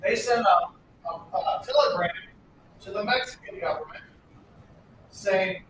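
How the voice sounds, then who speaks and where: A man's voice: high voice, measured pace, long pauses. An American man teaching a history class in a casual, blunt way, with sarcastic asides. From United States. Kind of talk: classroom lecture. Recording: very echoey room, distant, faint background noise.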